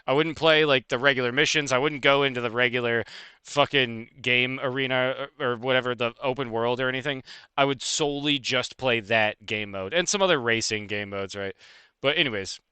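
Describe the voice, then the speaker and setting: A man streaming live, ranting casually and fast with lots of swearing and laughter. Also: mid-range voice, pushed and bright, smooth, no echo. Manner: fast, profane, heated and laughing.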